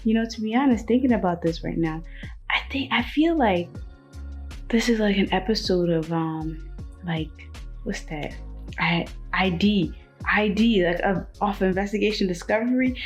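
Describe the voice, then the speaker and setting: Animated young woman retelling a book. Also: medium pitch, normal speed, faint music behind. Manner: animated retelling with acted-out quotes. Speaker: book vlogger. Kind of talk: casual chat.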